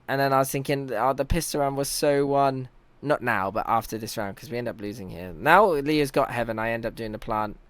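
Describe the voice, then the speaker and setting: A man's voice: mid-range voice, a little fast, hardly any pauses, a bit bright. A young man, a team captain, giving chatty, analytical commentary over match footage and teasing himself now and then. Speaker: team captain and in-game leader.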